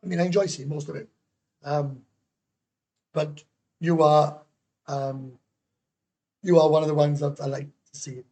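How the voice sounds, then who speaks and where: In a relaxed live-stream rant, a middle-aged man from Wales rambles bluntly, swears and answers viewers' comments. His voice is a little high and mellow, with flat delivery, a slightly slow pace and long pauses.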